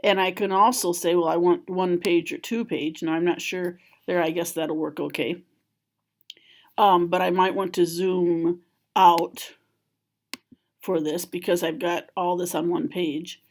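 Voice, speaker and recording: A woman with a fairly low voice gives a screen-recorded software tutorial. She explains each step calmly and plainly, like a school library trainer talking viewers through clicks and menus. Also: normal speed, hardly any pauses.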